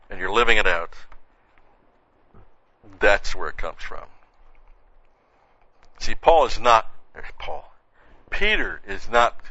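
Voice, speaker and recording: A male preacher teaching through a Bible passage verse by verse, his lowish voice bright and sharp-edged. He keeps it conversational, tossing in "see" and "you know" as he goes. The recording is dry and dull, like an old lo-fi tape. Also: no room sound. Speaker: pastor. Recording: dull, muffled lo-fi sound.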